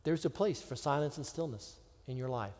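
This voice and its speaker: Man preaching in a reverberant hall. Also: medium pitch. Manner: dramatic pauses, drops to a hush. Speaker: pastor. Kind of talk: sermon.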